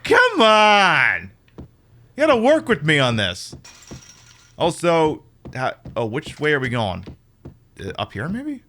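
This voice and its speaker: A man streaming a game, joking and talking back at it, swinging from loud outbursts to low mumbled asides. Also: wildly swooping pitch, takes it slowly, pauses often. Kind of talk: casual game commentary.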